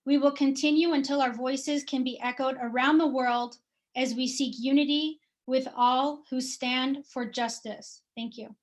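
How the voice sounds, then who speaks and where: A woman activist reading a prepared statement in a forceful, declarative way. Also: sits high, steady tone, unhurried. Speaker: activist speaker.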